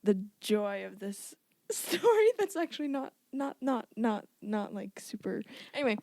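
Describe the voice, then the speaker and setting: A woman's voice: medium pitch, sing-song, a little slow, a little mellow, dry recording. A woman co-hosting a podcast, telling a rambling story with frequent giggles and fillers. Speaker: podcast co-host. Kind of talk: casual chat.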